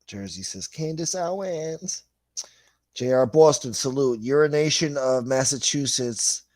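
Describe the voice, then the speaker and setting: A man's voice: mid-range voice, no room sound. A man hosting a livestream in a casual chat, reading viewer comments aloud in a laid-back, rambling way and swearing freely. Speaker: livestream host.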